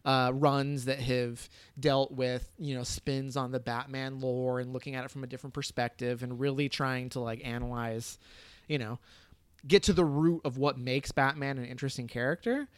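A man's voice: medium pitch, fairly even intonation, moderate pace, smooth, dry recording. A man co-hosting a casual podcast chat, rambling with many fillers and casual swearing. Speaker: podcast co-host reviewing a film.

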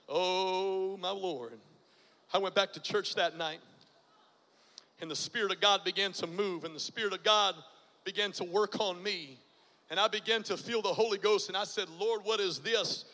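Male preacher, 40s, high bright voice, dramatic testimony delivery, big hall reverb. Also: a little slow, pauses often. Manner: dramatic, swings from hushed to loud bursts. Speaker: guest preacher. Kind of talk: testimony sermon.

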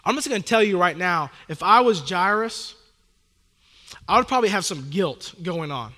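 A pastor preaching a sermon, reading scripture slowly and then retelling it in casual, earnest modern talk, repeating key phrases for emphasis. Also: male voice, high-pitched, lively intonation, bright, forceful tone, big-room sound. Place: church hall.

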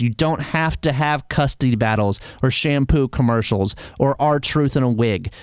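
A man's voice: mid-range voice, clean tone, no echo, clean studio sound. A man hosting a solo wrestling commentary show, passionate and argumentative, with sarcastic asides. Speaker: wrestling podcast host.

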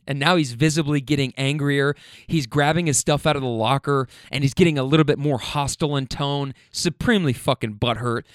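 A man's voice: medium pitch, fairly quick, smooth, no echo, clean studio sound. A man telling a story in a casual monologue, emphatic and profane, often checking in with "okay?". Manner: animated, profane, emphatic, keeps asking "okay?".

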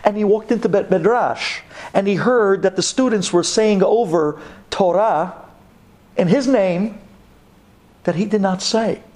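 A man, a rabbi, telling a story to an audience, animated and dramatic, sprinkling in Hebrew terms. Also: measured pace. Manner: animated, voice jumps up high for dramatic moments.

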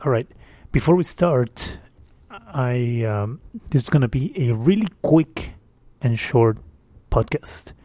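A man's voice: mid-range voice, animated, slow pace, pauses often, mellow, no room sound. A man hosting his own casual solo podcast, chatty and exasperated, rambling with fillers, recorded on a distorted home microphone. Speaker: podcast host. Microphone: windscreened microphone.

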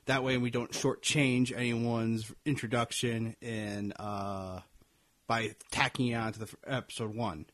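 A man co-hosting a casual review podcast, his voice at an ordinary middle pitch. He talks in a halting way, stopping and restarting with "uh" and "um" as he works out his points. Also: fairly even intonation, a bit bright. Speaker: podcast co-host.

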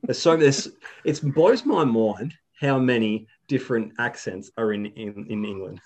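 A man's voice: medium pitch, lively intonation, measured pace, darkish tone. A young Australian man chatting casually as an interview guest, rambling with lots of fillers and restarts. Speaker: guest, video creator.

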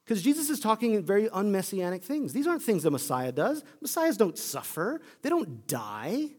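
A man pastor giving a conversational sermon, telling the story in an animated way. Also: high-pitched, normal speed, hardly any pauses, slightly rough.

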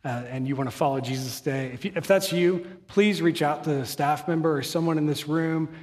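A man's voice: a little high, fairly quick, darkish tone, in a large hall. A man giving a sermon as pastor, earnest and conversational, with humorous asides, in a church sanctuary.

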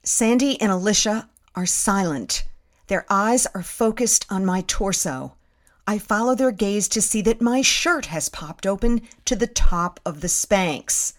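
A woman's voice: medium pitch, expressive, unhurried. A woman in her fifties, hosting a podcast and reading a personal essay aloud in a wry, self-mocking storytelling manner. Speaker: podcast host and narrator.

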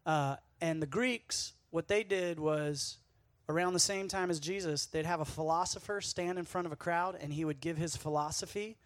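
Young male youth speaker, high-ish and dry, sweaty and worked up, chatty sermon full of asides. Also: moderate pace, few pauses, dry recording. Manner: energetic, jokey storytelling with asides to the audience.

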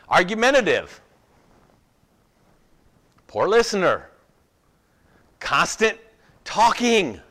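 A man's voice: on the high side, a bit bright. A man preaching a sermon in a casual, conversational way, with self-deprecating asides and a habit of checking in with "okay?". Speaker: pastor.

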